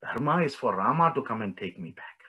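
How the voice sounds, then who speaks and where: A man voicing a gentle, grieving captive princess, speaking in a soft, hushed, resigned way. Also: mid-range voice, lively intonation, fairly quick, slightly rough, muffled recording. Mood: soft pleading.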